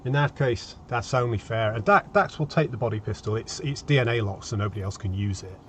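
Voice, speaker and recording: A man playing a tabletop game, relaxed, describing what his character does. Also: on the low side, brisk, slight background noise. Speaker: player.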